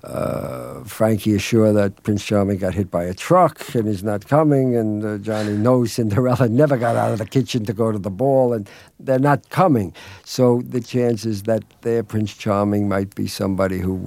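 Brief: middle-aged man, dark gravelly voice, rambling self-deprecating storyteller, dry studio sound. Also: on the low side, steady tone, moderate pace, no room sound. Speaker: film director guest. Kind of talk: relaxed anecdotal interview talk.

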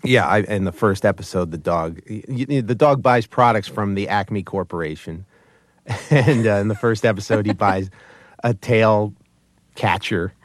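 A man who creates puppet shows, telling stories in a casual interview, animated and often laughing between his words. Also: fairly low pitch, no room sound. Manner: animated, laughs often mid-sentence, quick restarts.

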